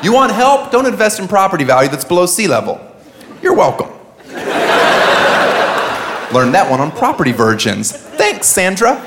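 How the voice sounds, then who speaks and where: Animated high-voiced man doing stand-up. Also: moderate pace, long pauses. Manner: animated, joking. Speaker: stand-up comedian. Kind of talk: stand-up comedy. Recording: loud crowd and noise from a live club. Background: loud crowd.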